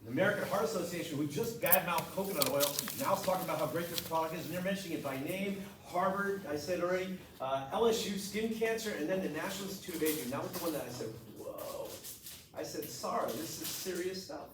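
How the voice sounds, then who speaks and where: A man's voice: a little high, quick pace, few pauses. A middle-aged man, a chiropractor telling his story bluntly and with animation to a group. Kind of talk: testimonial talk to a group. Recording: echoey room, mic far off, noisy.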